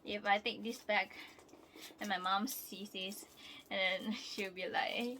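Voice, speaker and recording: A young woman vlogging casually while unboxing albums, excitable and prone to laughing squeals. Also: mid-range voice, moderate pace, slight background noise.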